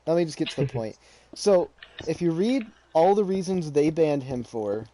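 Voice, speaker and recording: A man's voice: on the high side, lively intonation, moderate pace, mellow. A man chatting casually with a friend, rambling and restarting his sentences often. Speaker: channel host. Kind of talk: casual chat while gaming.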